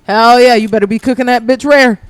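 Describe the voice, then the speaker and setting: A woman chatting as a podcast guest, telling stories in an animated, profane way. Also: fairly high pitch, fairly quick. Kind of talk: casual chat.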